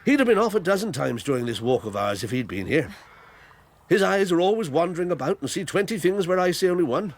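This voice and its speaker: A bluff old country squire. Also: male voice, high voice, big pitch swings, quick pace, exaggerated voice. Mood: genial. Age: older. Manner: bluff, rambling and fatherly. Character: hearty old country squire, fond and talkative. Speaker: Squire Hamley. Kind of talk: 1980s radio drama acting.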